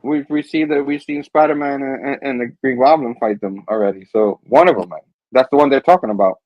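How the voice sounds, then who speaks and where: A man hosting a casual comic book review, reading the dialogue aloud in an animated way and laughing often. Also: medium pitch, a little fast, no echo, rough recording. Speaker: host.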